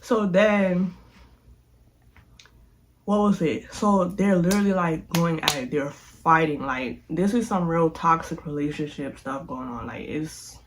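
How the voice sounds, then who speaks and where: A young woman vlogger telling a storytime in a chatty, animated way, speaking straight to her viewers. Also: deep voice, measured pace, slight background noise. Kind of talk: casual storytime.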